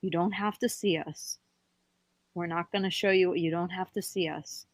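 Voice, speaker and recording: A woman voicing a calm, gentle alien collective that speaks slowly to reassure. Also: on the low side, no echo, natural voice. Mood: soothing.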